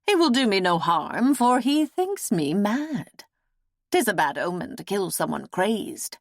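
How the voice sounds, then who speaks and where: A woman reading an audiobook, voicing a scheming, half-mad noblewoman with sharp, heated outbursts. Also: medium pitch, very animated, a little slow, no room sound, clean studio sound. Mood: gleeful.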